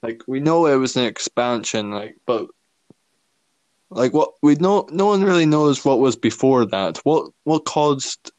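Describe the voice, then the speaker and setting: A man's voice: medium pitch, expressive, a little slow, darkish tone, dry recording. A young man chatting casually as a podcast co-host, rambling and hesitant, laughing often. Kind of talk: casual chat.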